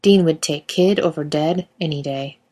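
Woman with a lowish voice reading aloud. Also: moderate pace, mellow. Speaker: reader.

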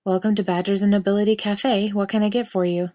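A woman's voice: medium pitch, flat delivery, quick pace, mellow, lightly acted. A woman voicing a worn-out young male barista with strained, forced politeness. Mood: strained polite.

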